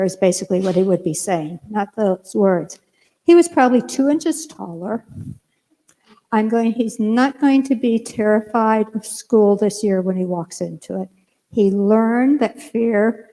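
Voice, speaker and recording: An older woman minister preaching a sermon, telling a lively personal story and acting out her own lines in a church sanctuary. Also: mid-range voice. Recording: long hall reverb.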